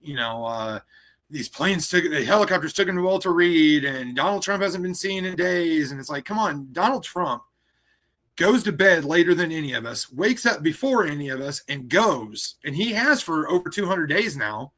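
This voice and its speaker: Male co-host with a bright, fairly high voice, emphatic and opinionated. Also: lively intonation, moderate pace. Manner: emphatic, dismissive of rumors. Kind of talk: casual political chat.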